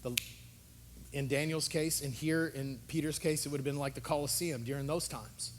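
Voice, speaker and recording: A male pastor delivering a sermon with real passion. He drops to quiet, low asides, then climbs to loud, urgent calls. His voice sits somewhat high for a man. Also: fairly even intonation, normal speed, slight background noise. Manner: impassioned, swings from hushed low talk to loud urgent exhortation.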